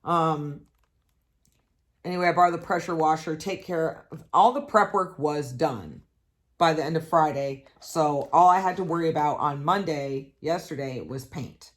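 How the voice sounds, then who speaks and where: A middle-aged woman with a low, deep-set voice talks casually to her viewers. She rambles through her story in a chatty way and throws in a curse when she is exasperated. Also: moderate pace. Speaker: vlogger. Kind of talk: casual chat.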